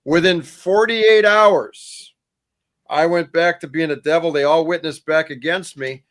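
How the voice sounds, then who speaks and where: A man's voice: a little high, unhurried, fairly bright tone. A man in casual podcast talk, telling a story with rambling repeats and restarts.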